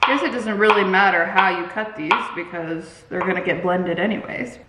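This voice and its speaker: A woman's voice: mid-range voice, moderate pace, hardly any pauses, echoey room, very noisy. A woman in her thirties chatting casually in her home kitchen while she cooks, giggly and dramatic. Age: 30s. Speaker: vlogger. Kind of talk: casual chat.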